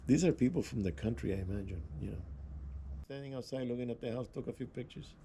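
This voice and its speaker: A man's voice: medium pitch, fast talker, vocal fry, mellow, a little hiss or hum. A man vlogging, telling rambling anecdotes in a casual way, with restarts and chuckles. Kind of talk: casual storytelling.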